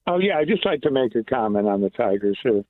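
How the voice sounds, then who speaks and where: A man's voice: mid-range voice, big pitch swings, quick pace, no room sound. Male radio caller, blunt and sure of himself, tinny phone line. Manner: blunt and certain.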